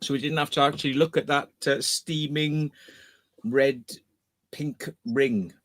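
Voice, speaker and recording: A man chatting on a casual livestream, rambling in fits and starts with plenty of swearing and laughter. His pitch sits in a middle range and his delivery is loose and conversational. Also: steady tone, unhurried, a bit bright, no echo. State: kidney stone trouble. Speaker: livestream host.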